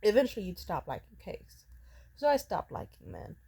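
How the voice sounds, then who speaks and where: Young woman vlogger, raw and profane, rambles through an emotional vent at an ordinary pitch. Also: wildly swooping pitch, moderate pace, gravelly, warm tone, husky. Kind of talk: ranting personal vent.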